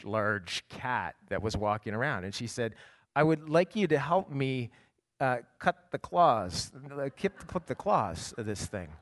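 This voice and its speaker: A middle-aged man, a pastor, preaching a sermon and telling a personal story, swinging from quiet asides to loud bursts. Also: mid-range voice.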